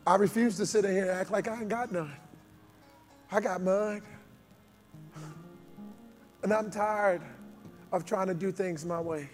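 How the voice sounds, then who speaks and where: A man preaching a sermon and testifying, speaking, moving from low conversational storytelling to shouted climaxes. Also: in a large hall. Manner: conversational, testifying, acts out quoted dialogue.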